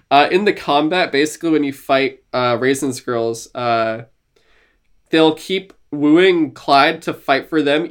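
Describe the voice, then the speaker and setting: A man co-hosting a podcast in casual gaming chat, animated and laughing, acting out lines from games he describes. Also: fairly high pitch. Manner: animated, laughing, acts out quotes. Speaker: podcast co-host.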